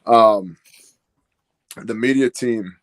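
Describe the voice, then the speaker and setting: A man's voice: on the low side, drawn-out words. A man on a casual livestream talk, telling loose stories about his team with lots of quoted asides and fillers. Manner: candid, rambling storyteller with quoted asides. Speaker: guest business owner.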